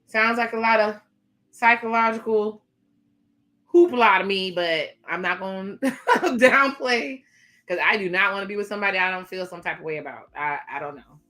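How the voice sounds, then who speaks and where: A woman's voice: mid-range voice, normal speed, sharp tone. A woman hosting a casual reaction video, chatty and sassy, talking straight to her viewers. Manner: chatty, sassy asides to viewers, frequent laughs.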